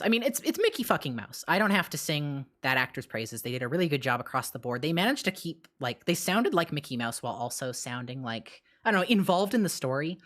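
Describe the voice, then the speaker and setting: A woman streamer chats casually at a desk mic, answering her live chat. Her voice sits low yet swoops widely, and she rambles bluntly through fillers and restarts. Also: fairly bright tone.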